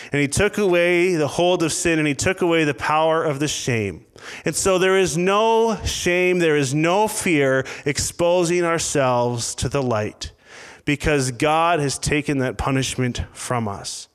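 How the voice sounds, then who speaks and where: A man's voice: a little high, measured pace, clear, resonant tone, big-room sound. A pastor delivering a conversational sermon, often restarting his sentences and acting out the prayers and the lines he quotes. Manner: conversational preaching with frequent restarts and acted quotes.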